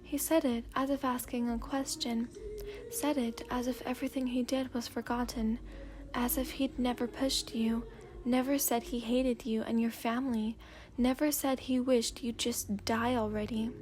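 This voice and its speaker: A woman reading second-person fanfiction in a slow, hushed, sleepy storytelling voice, at times dropping to a whisper. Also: fairly high pitch, level tone. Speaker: fanfiction reader.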